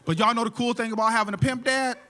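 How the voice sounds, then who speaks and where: A male stand-up comedian with a high, bright voice tells casual, profane stories on a theater stage. He often laughs between punchlines, and his voice comes through a handheld stage mic. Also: steady tone, quick pace. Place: theater stage before a live audience.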